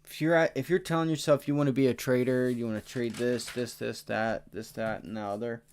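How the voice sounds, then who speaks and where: A tired, excitable man hosting a livestream, talking casually through stock charts and addressing his chat. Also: medium pitch, fairly quick, clean tone. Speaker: stock trading livestream host. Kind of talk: casual live chart commentary.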